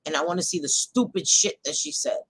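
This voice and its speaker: A woman hosting a casual talk show, speaking bluntly, reacting out loud and swearing freely. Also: fairly low pitch, lively intonation, brisk, creaky, very noisy. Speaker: host.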